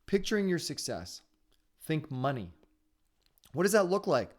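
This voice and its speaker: A man hosting a live online sales training webinar, talking fast in an upbeat, encouraging way. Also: a little high, big pitch swings. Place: his home area in Ontario.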